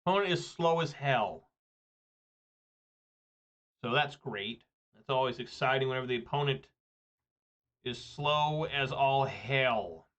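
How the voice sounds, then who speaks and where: A man's voice: mid-range voice, lively intonation, takes it slowly, pauses often, fairly bright tone. A man, rambling and joking through casual gameplay commentary. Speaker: gaming video creator.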